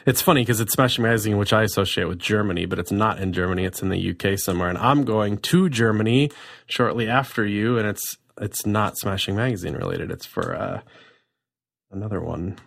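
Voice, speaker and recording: A man's voice: fairly low pitch, a little fast, vocal fry, a bit bright. A man hosting a podcast, chatting casually in a jokey, rambling way, full of asides. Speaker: podcast host. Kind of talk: casual chat.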